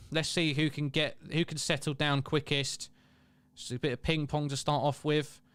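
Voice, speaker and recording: A man's voice: a little high, flat delivery, moderate pace, a bit bright, clean tone, no echo. A young man hosting a live match watchalong, chatting casually, reading viewer comments and calling the play. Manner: chatty, self-deprecating, reads out viewer comments.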